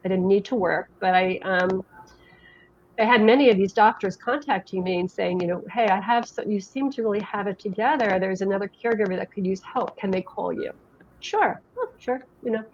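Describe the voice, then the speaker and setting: A woman's voice: medium pitch, a little mellow, slight background noise. A middle-aged woman from New Jersey, telling her story as an interview guest in a chatty, rambling way. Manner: chatty, rambling, quick with many restarts. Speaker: guest, health education director. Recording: dull lo-fi sound.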